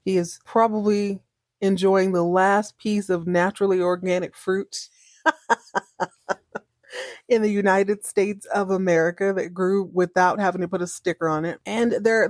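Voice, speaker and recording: A woman hosting a podcast, recapping a TV episode in a chatty, animated way and acting out the characters' lines. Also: mid-range voice, dry recording, studio quality. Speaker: podcast host.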